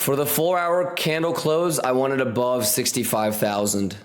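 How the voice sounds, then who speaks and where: A man's voice: medium pitch, steady tone, normal speed. A man hosting a live trading stream, hyped and slangy, repeating catchphrases and talking straight to his viewers.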